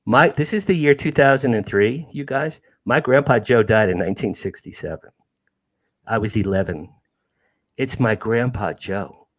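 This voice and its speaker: A man's voice: lowish voice, normal speed. A man in his sixties telling a personal ghost story with emphasis, repeating key phrases and calling his listeners "you guys.". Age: 60s. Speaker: guest storyteller, network host.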